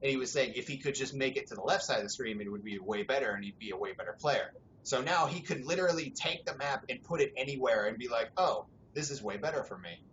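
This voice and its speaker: A young man hosting a casual gaming podcast, rambling in a relaxed way, swearing freely and laughing often. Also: mid-range voice, quick pace, hardly any pauses. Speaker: podcast host. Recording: dull lo-fi sound, faint background noise.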